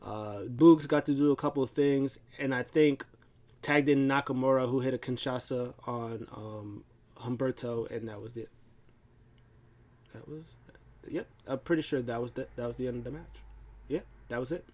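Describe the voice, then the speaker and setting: A man's voice: medium pitch, normal speed, a little mellow. A man casually recapping a wrestling show, rambling with lots of fillers and restarts. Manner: rambling, filler-heavy storytelling.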